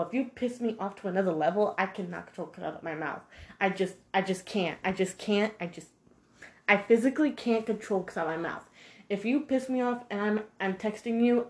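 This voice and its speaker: A woman ranting casually to camera in an animated, heated way, filling her talk with "like". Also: medium pitch. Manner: animated, heated, heavy use of 'like'. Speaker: vlogger. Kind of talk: casual monologue rant. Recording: echoey room.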